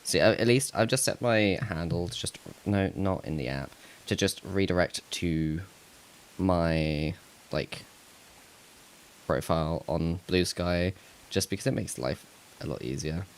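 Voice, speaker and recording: A man with a very deep voice and a gravelly, creaky edge chats away on a live stream. He rambles to himself as he sorts out tech trouble, taking his time and chuckling at his own remarks. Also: measured pace. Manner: rambling, talks to himself while fixing tech; laughs at himself, self-mocking. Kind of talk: casual live-stream chat.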